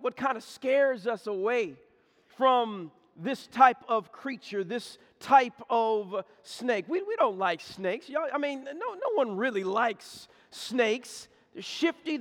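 Male pastor, high voice, folksy storyteller, church hall echo. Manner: folksy, animated storytelling, repeats words. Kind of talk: sermon with storytelling. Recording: echoey hall.

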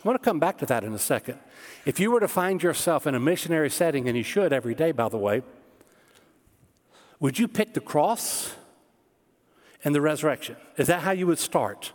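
A man preaching from the pulpit with a fairly high voice, emphatic and direct, and he often turns to his listeners with rhetorical questions. His voice carries a long reverb, as in a large church sanctuary. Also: lively intonation, a little fast, long pauses. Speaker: pastor. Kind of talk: sermon.

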